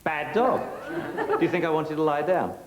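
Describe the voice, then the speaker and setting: A man's voice: fairly high pitch, brisk, a crowd in the background, poor audio. A middle-aged man, a dog trainer demonstrating to a class in a teasing, playful way and laughing often.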